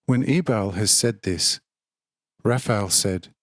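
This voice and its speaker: A man narrating a religious text in a steady, formal audiobook reading. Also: mid-range voice, measured pace, dry recording, studio quality.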